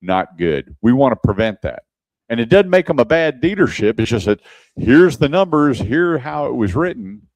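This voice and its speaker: A man hosts a radio show from a studio and keeps the talk casual while he recounts customer stories. He acts out both sides of each exchange, and his voice sits at an ordinary male pitch. The sound is close and dry. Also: very animated, moderate pace, no echo, low-quality recording. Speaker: radio show host and car advisor.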